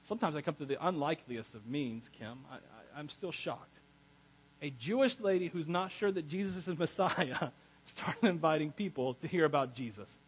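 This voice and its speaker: Male pastor, higher-pitched and husky, preaching a chatty, laughing sermon full of asides. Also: a little fast, rough recording. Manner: animated, laughs often, self-correcting asides.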